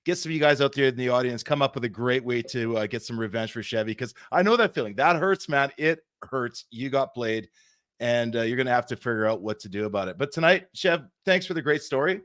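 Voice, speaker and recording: A man co-hosting a casual sports talk show, laying out the topics at a steady pace. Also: medium pitch, fairly quick, no room sound, studio quality. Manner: steady, hands off to the next segment. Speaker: co-host.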